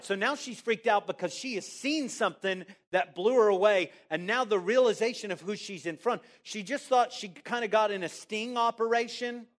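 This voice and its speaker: A man preaching a sermon in church, animated and casual, asking the congregation questions and answering them himself. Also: high-pitched. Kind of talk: interactive sermon.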